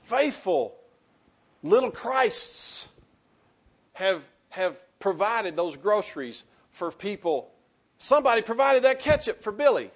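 A man's voice: sits high, expressive, normal speed, lo-fi sound. A man, a pastor delivering an impassioned sermon full of restarts and calls to the congregation. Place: church sanctuary.

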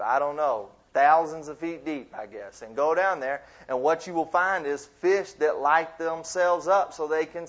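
A man preaches to a youth group in a loose, conversational way, breaking off into playful asides and building to emphatic points. His voice sits somewhat high for a man. The recording is dull and lo-fi. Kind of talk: sermon. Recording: dull lo-fi sound.

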